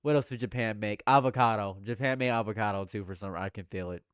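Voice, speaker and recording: A young man doing live reaction commentary, jumping between loud exclamations and low repeated mutters while bantering with his chat. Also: quick pace, clean tone, no room sound, clean studio sound. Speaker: livestream commentator.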